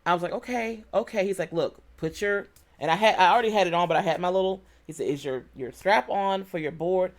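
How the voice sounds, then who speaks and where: A woman vlogger casually telling a personal story, animated and emotional, acting out quoted exchanges. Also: on the low side, fast.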